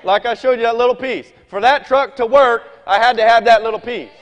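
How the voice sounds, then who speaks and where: High-voiced folksy preacher man in an echoing hall. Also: fairly quick. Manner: folksy, animated preaching with scripture reading. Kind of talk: sermon. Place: church meeting hall.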